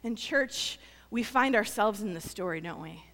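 A woman pastor preaching a sermon, earnest and emphatic, repeating phrases for weight and then dropping to a soft, quiet close. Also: medium pitch, expressive, normal speed, big-room sound.

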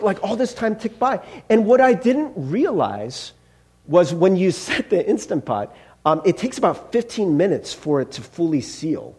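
High, lively-voiced chatty male pastor. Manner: chatty, self-deprecating, many fillers and rhetorical "right?". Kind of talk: casual conversational sermon.

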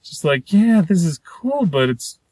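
A man's voice: sits high, big pitch swings, a little slow, a little mellow, slightly rough, dry recording. A man with a slightly raised voice talks casually about a movie he watched. He rambles, breaks off and restarts, and slips into voices to act out lines. The sound is dry and close. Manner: rambling, trails off and restarts, acts out characters' lines. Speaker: podcast co-host. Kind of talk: casual movie review chat.

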